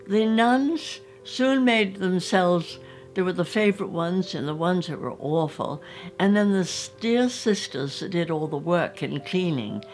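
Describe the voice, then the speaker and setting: An older woman with an English accent, reminiscing about her school days and acting out little scenes as she tells them. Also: on the low side. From England. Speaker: storyteller. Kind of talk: recounting childhood memories.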